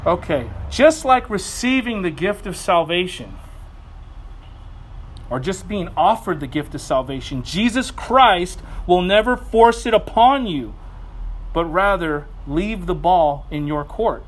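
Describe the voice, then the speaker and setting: Casting: male pastor, thirties, light high voice, earnest preaching, animated when telling stories. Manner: earnest, animated storytelling with quick asides. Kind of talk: sermon.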